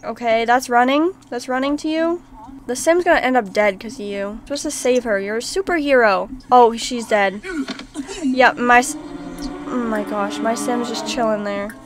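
A woman with a fairly high voice talks through her game in a casual let's-play style. She chats along and reacts aloud to what happens on screen. A steady hiss of background noise sits under her voice. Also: moderate pace. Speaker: gaming channel host.

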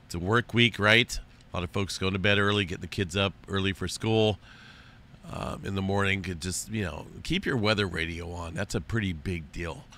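A hoarse man who keeps fighting a cough, giving a casual weather update in a folksy, easygoing way. His voice sits on the low side but comes across bright and forceful. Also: normal speed, a little hiss or hum. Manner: folksy and loose, calls viewers folks. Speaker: host of an earthquake and weather update channel.

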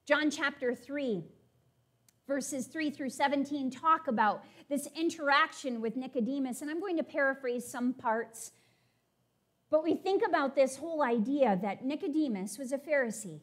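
A woman preaching a sermon, animated as she paraphrases and reads scripture to her congregation. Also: high-pitched, moderate pace.

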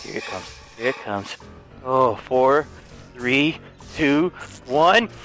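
Excitable man gaming with friends. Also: mid-range voice, slow pace, faint music behind. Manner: excitable, laughing, with sudden loud outbursts. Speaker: gaming YouTuber. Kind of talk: casual gameplay chat.

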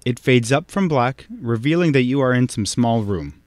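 A man narrating a scripted video essay in a measured, explanatory way, speaking directly to the viewer. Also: mid-range voice, expressive, a little mellow, no echo.

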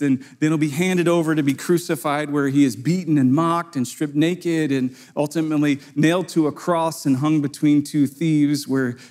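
A man, a pastor, preaching a sermon in a conversational way and playing out the people in his story with quick voices. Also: a little mellow. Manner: conversational, acts out quoted voices with sudden high pitch jumps.

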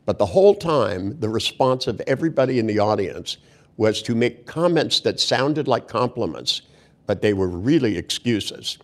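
A man's voice: on the low side, expressive, moderate pace. An older man telling a story in a rambling, casual way, blunt and profane, with crude jokes and many restarts.

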